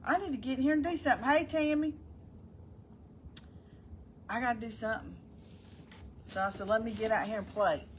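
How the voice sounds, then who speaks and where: A middle-aged woman, hosting a casual live stream. Her voice sits a little higher than most and runs on in a chatty, folksy ramble as she calls out viewers by name. Faint background hiss sits under her voice. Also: normal speed, pauses often.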